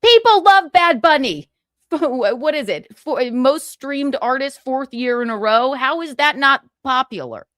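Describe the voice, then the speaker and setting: A young woman with a slightly high voice chats away on her livestream, giggling often and swearing freely. Her voice sounds close and dry, with no room around it. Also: expressive, measured pace, a bit bright, dry recording. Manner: chatty, giggly, swears casually. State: tearful, choked up. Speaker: livestream host. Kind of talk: casual livestream chat.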